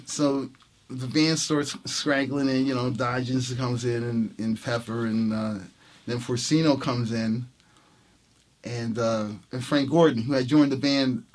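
At a measured pace and in a mid-range voice, a jazz trumpet player relates a casual anecdote for an interview. He performs the quoted dialogue with animation and keeps laughing throughout.

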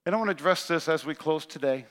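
A man in his forties preaching a sermon as a pastor, telling stories, acting out quotes and swinging between loud bursts and hushed lines. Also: a little high, quick pace. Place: church hall. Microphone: handheld microphone. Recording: live sermon with long hall reverb.

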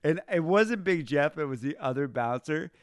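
A man's voice: a little high, animated, moderate pace, clean tone, no room sound, clean studio sound. Rambling, cussing man telling a story. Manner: rambling, profane, offhand. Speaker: caller. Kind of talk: casual storytelling.

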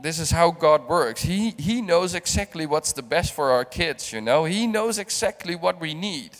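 A guest preacher, middle-aged and from the Netherlands, speaks in a fairly high, animated, slightly bright voice during a heartfelt sermon. His emotional testimony comes out haltingly, with repeated and restarted words, under long hall reverb.

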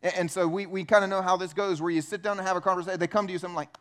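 A man's voice: high voice, steady tone, racing, fairly bright tone. A man preaching a sermon in a church, talking to the congregation in a conversational way and acting out the voices he quotes. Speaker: pastor.

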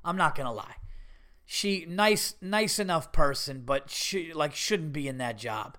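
A man hosting a podcast, telling a casual story in an animated way, swearing freely and rising into indignant bursts. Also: a little high, measured pace. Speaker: podcast host.

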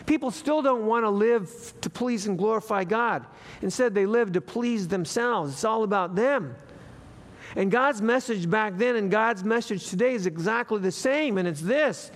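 Male pastor, fairly high voice, storytelling sermon that repeats key lines, empty room. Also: normal speed. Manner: storytelling, repeats phrases for emphasis.

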